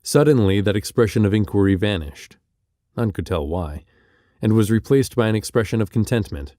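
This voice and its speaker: A man narrating an audiobook in a measured, expressive literary reading style. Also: fairly low pitch, no echo, studio quality.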